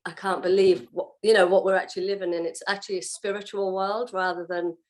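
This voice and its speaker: A woman's voice: medium pitch, fast talker. Woman telling her story animatedly. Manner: animated, acts out what she said and felt. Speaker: guest sharing her testimony. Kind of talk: casual personal storytelling.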